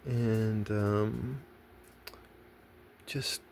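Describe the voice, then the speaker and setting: A man's voice: fairly low pitch, fairly even intonation, very slow, vocal fry, darkish tone. An American man ranting casually and rambling, swearing a lot and restarting his sentences, with faint background noise. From United States. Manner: profane, rambling, many restarts and fillers.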